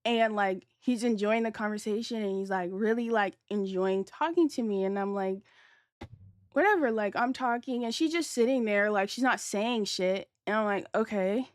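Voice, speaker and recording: A young adult woman streamer tells a story on a livestream at a moderate pace with hardly any pauses, her tone clean and the studio-quality recording dry. Her chatty talk is slangy, profane, and packed with "like," and she acts out quoted lines with big leaps in pitch and volume.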